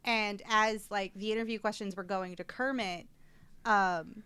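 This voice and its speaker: A woman co-hosting a podcast, chatting casually and gushing excitedly about films. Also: mid-range voice, a little slow, smooth, no room sound. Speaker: podcast co-host. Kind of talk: casual chat.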